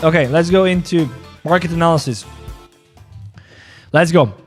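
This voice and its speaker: A man's voice: on the high side, normal speed, faint music behind. A man hosting a casual trading livestream, joking, laughing, and often repeating his phrases while he talks through market analysis. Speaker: crypto trading stream host.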